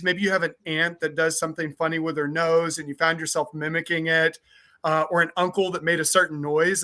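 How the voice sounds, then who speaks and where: Bright-voiced man hosting an interview. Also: fairly high pitch. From Southern Illinois. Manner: long, rambling, considered questions. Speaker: host. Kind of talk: interview questions.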